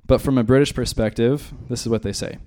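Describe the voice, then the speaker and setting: A man's voice: mid-range voice, fairly even intonation, brisk, dark tone. A man from the United States teaching a Bible study in a conversational way, with joking asides. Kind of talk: church teaching.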